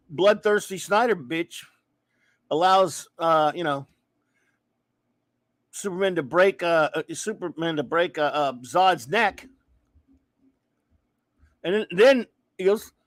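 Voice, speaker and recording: High-sitting and slow, this man's voice comes with long pauses and no echo. He hosts a casual live chat show where he rants, restarts sentences, and pauses to read chat comments aloud.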